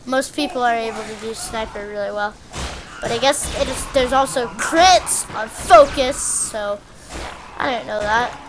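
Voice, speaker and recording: With a slightly high voice and a measured pace, a woman walks through a game guide in rambling, casual gameplay commentary. She gets excited easily and often teases herself, with noise in the background.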